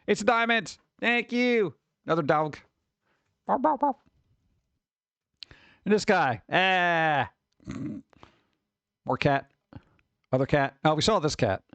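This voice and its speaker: Male streamer, higher-pitched, rambling casual chat, dry sound. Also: lively intonation, measured pace, pauses often, fairly bright tone, clear, resonant tone, dry recording, highs cut off. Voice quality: scratchy vocals at times. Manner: rambling, wry, reacts to chat and pictures.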